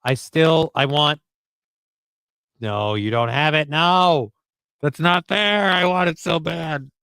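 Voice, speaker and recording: Smooth-voiced man hosting a casual livestream. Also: fairly high pitch, slow, bright, forceful tone, dry recording. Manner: loose, profane, jokey, reads chat and card text aloud. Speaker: livestream host.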